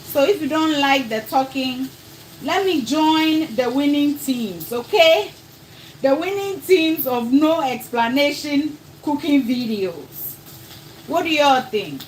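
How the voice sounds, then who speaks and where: High-voiced woman chatting on a cooking live stream. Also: animated, slow, slight background noise. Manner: chatty, asks viewers questions. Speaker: cooking vlogger. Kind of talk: casual live-stream chat. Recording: echoey room with faint ambience.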